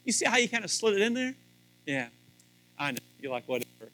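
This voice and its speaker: A man's voice: high-pitched, very animated, brisk, pushed and bright, soft background music, low-quality recording. A man speaking to a live audience about marriage in a joking, folksy way, rambling with restarts. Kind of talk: humorous sermon to a live audience.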